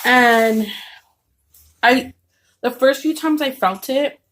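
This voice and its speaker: Her voice sits high and a little bright, and she takes her time. She's a vlogger eating at home, telling a casual, rambling story full of fillers and false starts.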